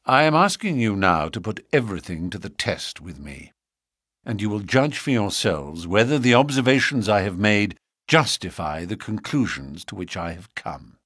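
A self-assured gentleman detective with a flair for the dramatic, as a male narrator puts him on, measured and persuasive with a lofty edge. The voice sits fairly low but moves a great deal in pitch. It comes through dry and close, with no room sound. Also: expressive, husky, dry recording.

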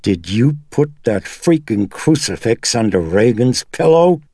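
A man voicing a distraught middle-aged mother whose shouts crack and go shrill. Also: big pitch swings, measured pace, dry recording, studio quality. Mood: furious.

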